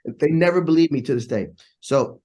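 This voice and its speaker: In a relaxed interview, a man who plays trumpet shares stories, imitating the voices of people he quotes. He speaks at a moderate pace in a slightly high, mellow voice.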